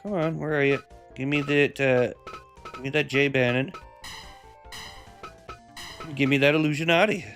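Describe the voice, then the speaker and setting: Male streamer, casual play-by-play, fairly high voice, clear game music underneath. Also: steady tone, normal speed, pauses often, a bit bright. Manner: laid-back, chatty, with play-by-play calls. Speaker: streamer and host of a game fight night. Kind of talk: casual live-stream commentary.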